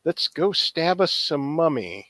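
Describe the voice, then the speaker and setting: A man's voice: on the high side, big pitch swings, measured pace, a bit bright, no room sound. A man playing in a tabletop game, cracking jokes and making playful asides. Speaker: player. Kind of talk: casual tabletop game banter.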